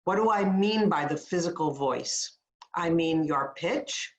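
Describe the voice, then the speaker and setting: In a roomy-sounding recording, a woman with a voice on the low side speaks unhurriedly as she coaches a webinar audience on voice. She's a communication coach who demonstrates as she explains and offers upbeat, encouraging tips.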